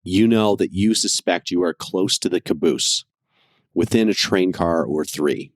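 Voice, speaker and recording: A man's voice: sits low, unhurried, no echo, studio quality. A man narrating as game master of a tabletop western game, describing scenes with musing, hedging asides.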